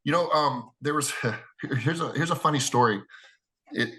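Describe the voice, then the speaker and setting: A man's voice: mid-range voice, moderate pace, sharp tone. A middle-aged American man, a wrestler, answering interview questions in a rambling way with many restarts and "you know"s. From United States.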